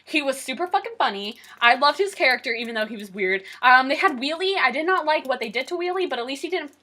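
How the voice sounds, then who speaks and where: A young woman co-hosting a casual podcast, ranting excitedly and with lots of swearing. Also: sits high. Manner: excited, profane, rapid rants. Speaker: podcast co-host.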